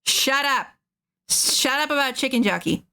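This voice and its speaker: A woman's voice: sits high, animated, a little slow, sharp tone, clear, resonant tone. A woman streaming casually, rambling and laughing often as she draws and chats. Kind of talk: casual chat while drawing.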